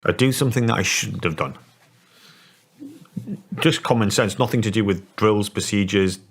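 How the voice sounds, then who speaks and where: A Scottish man in his forties, telling a story in an interview in a halting way, with many restarts. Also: on the low side, creaky, breathy edge. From Scotland. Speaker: interview guest.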